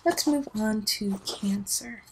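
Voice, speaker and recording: Casting note: woman in her thirties, tarot reader, gravelly fry, chatty and heartfelt. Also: mid-range voice, takes it slowly, background noise. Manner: chatty, emotional, talks straight to viewers. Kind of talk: casual monthly tarot reading.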